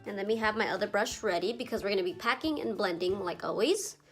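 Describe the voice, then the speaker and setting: A woman's voice: mid-range voice, lively intonation, fast talker, faint music behind. Chatty congested young woman vlogger. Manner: chatty, lots of "like" fillers, casual swearing. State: a little congested from allergies. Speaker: beauty vlogger. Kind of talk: makeup tutorial narration.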